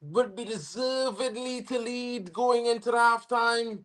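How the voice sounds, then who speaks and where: A young Trinidadian man hosting a football watch-along livestream, slangy and excitable, bursting into shouts when his team scores. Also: very high-pitched, unhurried. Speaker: football fan livestream host. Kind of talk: live match watch-along commentary.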